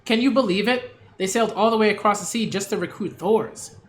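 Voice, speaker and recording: A man's voice: high-pitched, brisk, slight background noise, pitched above the performer's own voice, natural voice. A man reading out the lines of an eager young village boy from a comic. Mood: excited.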